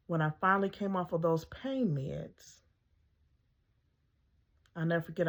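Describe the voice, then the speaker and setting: A woman's voice: deep voice, vocal fry. A middle-aged woman, a mother, telling her own story in a casual, conversational way, full of ums and acting out her own thoughts.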